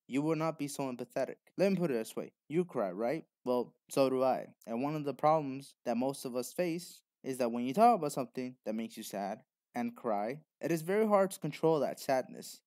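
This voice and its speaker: Guy ranting straight at the viewer, blunt and preachy, mid pitch, dead dry sound. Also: a little mellow, dry recording. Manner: blunt, lecturing, addresses viewer directly. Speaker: video essayist. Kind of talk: opinionated commentary monologue.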